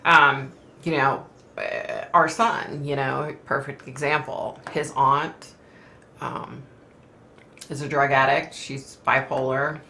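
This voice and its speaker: A woman's voice: rumbling low, flat delivery, slow, gravelly, bright, forceful tone, slight background noise. A middle-aged woman hosting a casual live stream, talking in an emotional, rambling way with sighs and fillers. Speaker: host reading viewer comments.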